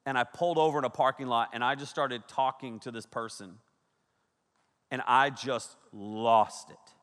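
A man in his thirties, a youth pastor preaching a sermon, telling stories with animated energy, shouting out quoted lines and laughing often. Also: medium pitch, moderate pace. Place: large hall with a big audience. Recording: echoey hall with long reverb.

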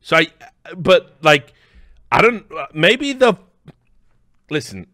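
A man's voice: fairly high pitch, big pitch swings, slow pace, pushed and bright, no echo, studio quality. A man hosting a live stream, rambling through casual reaction commentary with lots of swearing and laughing asides.

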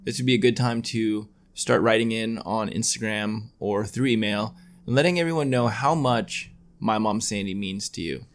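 A man's voice: on the low side, normal speed, few pauses. A man co-hosting a podcast in casual chat, rambling and slipping into silly made-up voices. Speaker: podcast co-host.

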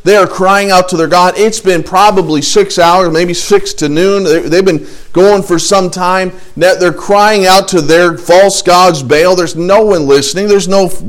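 A man teaching a casual Bible study, reading scripture aloud and adding jokey, conversational asides. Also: high voice.

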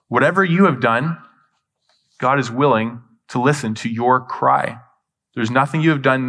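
A man's voice: mid-range voice, fairly bright tone. A male pastor preaching a sermon to his congregation in a church, earnest and direct, posing rhetorical questions and repeating key phrases for emphasis.

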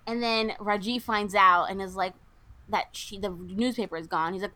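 Bright, chatty woman who retells a story and plays out its dialogue; casual podcast co-host. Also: mid-range voice, a little fast. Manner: chatty storyteller, acts out the characters' lines. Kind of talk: casual chat recapping a film.

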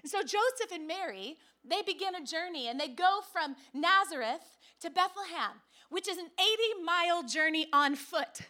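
A woman pastor delivers a sermon in a high, bright voice. She tells the story with lively, playful asides and talks straight to her congregation. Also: normal speed, hardly any pauses.

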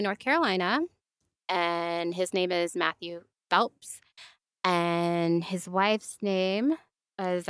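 A woman's voice: lowish voice, a bit bright, clean tone, dry recording, studio quality. A young woman in her twenties, casually telling a true crime story in an easygoing, hesitant way.

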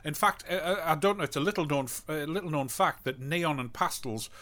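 Bright-voiced deadpan man. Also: a little high, brisk. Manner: knowing, deadpan trivia jokes. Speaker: podcast co-host. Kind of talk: casual comedic chat.

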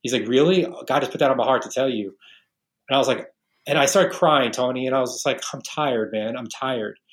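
A man's voice: mid-range voice, quick pace, a bit bright. Earnest storytelling man from New York. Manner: earnest storytelling, many restarts. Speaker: podcast guest, realtor. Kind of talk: casual interview talk.

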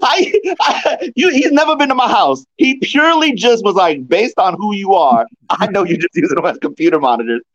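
A man's voice: high-pitched, animated, brisk, few pauses, dry recording. A man joining a casual podcast as guest, joking and bantering with the host over dull remote audio.

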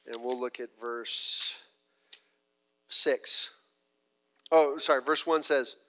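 A man preaching a sermon earnestly, often restarting and apologizing when he loses his place, rising loud, then dropping very soft. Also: medium pitch, steady tone, slow pace, long pauses. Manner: voice rises loud when mocking, drops very soft when reflecting. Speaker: pastor.

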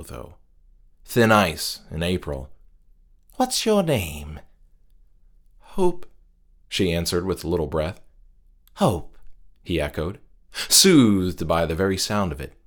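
A man narrating a horror short story in a measured, hushed delivery that trails off quietly at the ends of phrases. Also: lowish voice.

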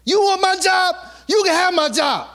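Fed-up prophet, sarcastic and weary, voiced by a high-voiced man preaching. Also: expressive, normal speed, a bit bright. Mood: exasperated. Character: exasperated male prophet, fed up leader.

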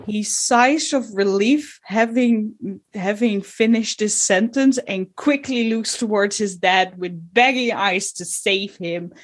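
A woman running a tabletop game as its game master, describing scenes at an unhurried, measured pace. She pauses with fillers as she builds the picture. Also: mid-range voice.

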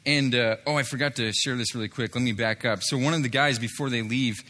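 A man's voice: mid-range voice, steady tone, a little fast, bright, forceful tone. A man telling a story from street ministry, with many fillers and restarts, acting out what others said. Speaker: street evangelist telling a testimony. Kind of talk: spoken testimony story.

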